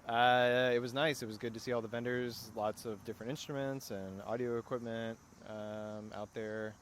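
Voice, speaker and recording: A man's voice: medium pitch, steady tone, normal speed, fairly bright tone, slight background noise. A man chatting as a reluctant podcast guest, speaking briefly and hesitantly with many fillers. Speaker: podcast guest, co-host's partner. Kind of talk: casual chat. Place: outdoors, in a parked car.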